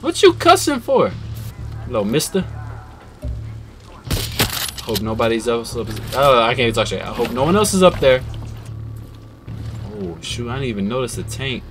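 Brief: lively man doing gameplay commentary, big swings in pitch, loud game music behind. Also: moderate pace, pauses often. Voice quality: excitable, jokey, lively swings. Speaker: gaming streamer.

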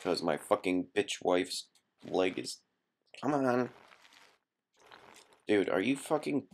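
Young man, game commentary, frustrated swearing, very slow talk, gravelly tone, faint noise. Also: lively intonation. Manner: swearing, frustrated, yelping in high bursts. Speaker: gameplay commentator. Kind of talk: casual gameplay commentary.

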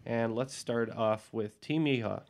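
A man's voice: medium pitch, a little slow, creaky, a little mellow. A man hosting a podcast trivia quiz, reading famous movie quotes with a little flourish. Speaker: quiz host.

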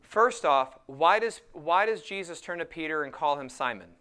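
Smooth-voiced man preaching a sermon. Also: a little high, expressive, pushed and bright. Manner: preaching with emphatic, slowed scripture quotes. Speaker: pastor.

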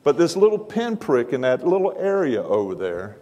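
A man's voice: mid-range voice, sing-song, moderate pace, mellow. A man preaching a sermon in a large church auditorium, folksy and self-deprecating in manner. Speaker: guest preacher. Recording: long hall reverb.

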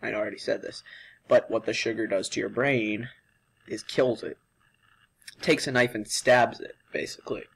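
A man's voice: lowish voice, steady tone, normal speed, gravelly, pauses often, a bit bright, slightly rough. A young male vlogger doing a sugar challenge, worn out and dramatic, coughing and complaining between words. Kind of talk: casual vlog.

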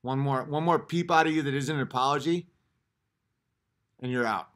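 Live on stream, a man yells and mutters by turns at his chat, hurling profanity, picking fights, and repeating short phrases. He speaks at a medium pitch and a normal speed.

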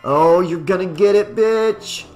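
Brief: a crude, stubborn young musician with a raised, strained pitch, voiced by a male narrator. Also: slow pace, soft background music. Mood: irritated. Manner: shouts and cries out in alarm.

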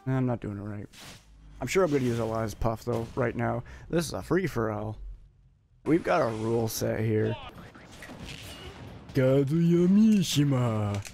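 Male streamer, raspy and gravelly, excitable live gameplay commentary, faint game music under him. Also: medium pitch, moderate pace. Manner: excitable, jokey, sudden yelps and laughs while playing.

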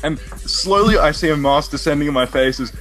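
A young man telling a rambling, animated story in a casual podcast chat, swearing freely. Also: fairly high pitch, brisk, faint music behind. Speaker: podcast co-host.

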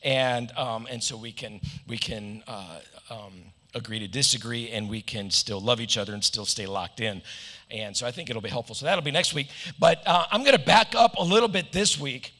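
A man's voice: mid-range voice, normal speed, bright, forceful tone. A middle-aged American man preaching a sermon, telling stories with joking asides. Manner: joking asides, playful storytelling. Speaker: pastor. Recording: long hall reverb.

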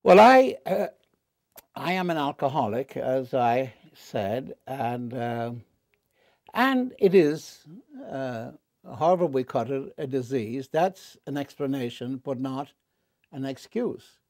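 A man in a candid interview, a wry and animated storyteller who jumps up in pitch for punchlines and drops low and quiet on serious confessions. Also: slow, no room sound, clean studio sound. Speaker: interview guest.

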